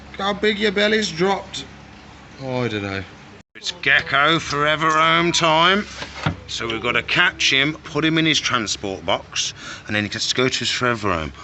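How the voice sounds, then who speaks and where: A man's voice: medium pitch, sharp tone, slight background noise. A man hosting a casual pet vlog, chatting to viewers and cooing affectionately at his animals as he feeds them. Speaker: exotic pet keeper and channel host. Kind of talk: casual vlog narration while feeding animals.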